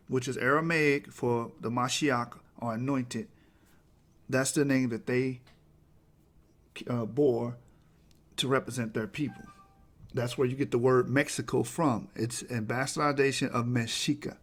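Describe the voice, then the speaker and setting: Guy walking thru slides, emphatic, keeps asking right?, average pitch. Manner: emphatic, asks "right?" to the listener. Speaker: presenter. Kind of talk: talking through a slide presentation.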